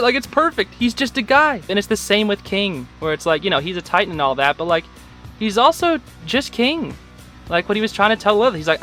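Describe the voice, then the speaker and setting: Excitable young man with a bright voice. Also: very high voice, normal speed, faint music behind. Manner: excitable, full of "like" fillers. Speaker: show recap reviewer. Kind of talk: casual episode recap and reaction.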